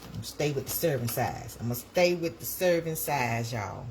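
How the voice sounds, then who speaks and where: A woman's voice: a bass voice, expressive, moderate pace. A woman with a Georgia Southern accent, chatting casually on a livestream from her kitchen, repeating her phrases and talking to viewers. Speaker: livestream host. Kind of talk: casual live chat while making breakfast. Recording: noisy home livestream audio.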